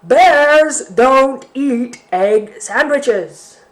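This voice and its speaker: A woman's voice: on the low side, lively intonation. Woman doing a bellowing grumpy bear. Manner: bellowing, drawn-out shouts. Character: loud grumpy big bear.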